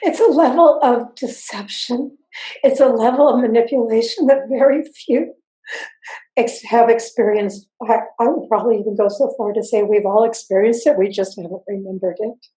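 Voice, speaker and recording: An older woman giving intense, earnest personal testimony as an interview guest, halting and repeating herself. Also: a little high, warm tone. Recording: roomy echo.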